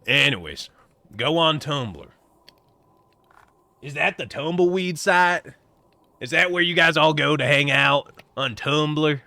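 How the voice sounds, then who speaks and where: Man, livestreamer, put-on cowboy drawl, teasing, joking, bright tone. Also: fairly high pitch, animated, slow, pauses often, no room sound. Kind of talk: casual live-stream chat while gaming.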